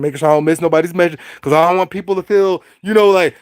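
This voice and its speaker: A man's voice: high-pitched, fairly even intonation, very fast, few pauses, clear, resonant tone, no room sound, clean studio sound. A man hosting a casual livestream, talking animatedly and preachily to his chat, often stuttering on repeated words. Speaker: livestream host.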